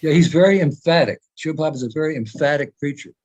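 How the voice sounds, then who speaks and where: This senior devotee speaker is a US man in his 80s, talking emphatically and in a rambling way during an informal meeting held over video call. He speaks very fast in a slightly mellow voice on the high side, with the upper frequencies missing from the audio.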